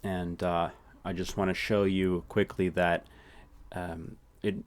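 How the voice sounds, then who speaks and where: A man teaching a casual language lesson who repeats words slowly for practice and keeps checking in with "right?". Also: low-pitched, level tone.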